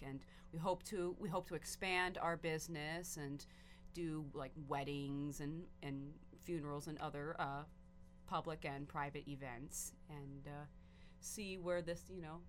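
A woman's voice: low-pitched, fairly even intonation, moderate pace, slight background noise. A woman singer guesting on a community radio show, talking hesitantly with many restarts and fillers. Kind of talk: casual radio interview. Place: radio studio.

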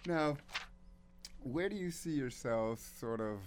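A man hosting a casual community radio interview from a studio mic, effusive and gushing, stammering with excitement. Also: medium pitch, slow, background noise.

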